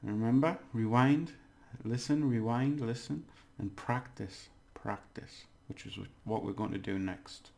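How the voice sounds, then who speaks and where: A man giving a casual video lesson as a language teacher, chatty, laughing often and repeating words slowly to model them. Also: medium pitch, creaky, a little mellow.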